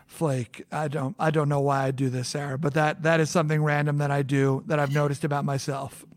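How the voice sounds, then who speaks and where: High-voiced man chatting with laughs. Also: fairly quick. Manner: animated, laughing, with many fillers and restarts. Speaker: podcast co-host. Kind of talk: casual chat.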